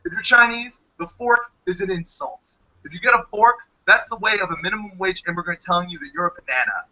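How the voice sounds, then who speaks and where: A man with a New Jersey accent performs spoken word poetry, his voice high and piercingly bright. His delivery is punchy and sardonic, peppered with profanity. The livestream audio is dull and lo-fi. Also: fast talker. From United States. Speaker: poet.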